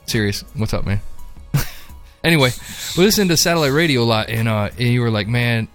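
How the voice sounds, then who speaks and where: A man ranting in a laid-back podcast chat, cursing freely as he tells a story. His voice sits at an ordinary pitch, with faint music running underneath. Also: a little fast, fairly bright tone, clean tone. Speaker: co-host. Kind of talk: casual profane podcast banter.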